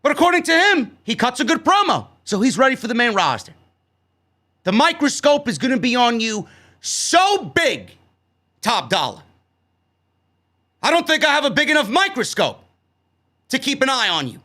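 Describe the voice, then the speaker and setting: A man's voice: extremely high pitch, big pitch swings, normal speed, pauses often, sharp tone. A man from New York casually recapping a wrestling show, blunt, sarcastic and given to swearing.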